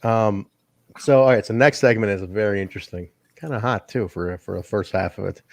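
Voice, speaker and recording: A man's voice: fairly low pitch, brisk, vocal fry, dry recording. A man co-hosting a wrestling podcast, talking casually and animatedly, laughing often and acting out what people said. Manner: animated, laughing, acts out quotes. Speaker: podcast co-host.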